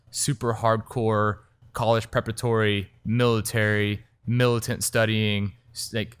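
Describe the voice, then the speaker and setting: A young man, telling his story as a restaurant owner in a lively, casual interview, filling his talk with "like". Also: fairly low pitch, clean tone, dry recording. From Texas. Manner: animated, quick storytelling full of "like". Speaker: restaurant owner and chef, guest.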